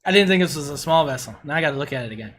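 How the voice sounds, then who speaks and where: Excitable middle-aged man streaming. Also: fairly high pitch, very fast, a little hiss or hum. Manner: excitable, gushing, swears casually. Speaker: game streamer reviewing player builds. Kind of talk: casual livestream commentary.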